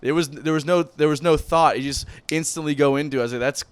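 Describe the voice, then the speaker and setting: Smooth-voiced casual podcast host. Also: male voice, fairly high pitch, steady tone, quick pace, dry recording. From Cuban family. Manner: loose and profane, lots of "bro". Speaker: podcast co-host and band member. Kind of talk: casual chat.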